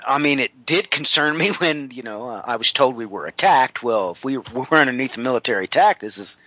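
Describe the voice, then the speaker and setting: A middle-aged man, a home builder, telling a personal story in an interview, rambling with many drawn-out "uh" fillers. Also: mid-range voice, lively intonation, bright, forceful tone, dry recording, low-quality recording.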